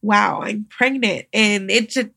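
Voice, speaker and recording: A young adult woman, a midwife guest on a podcast, telling a personal story in a casual, animated way and acting out the voices of others. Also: mid-range voice, measured pace, vocal fry, dry recording, studio quality. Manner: animated, acts out quoted voices, laughs often.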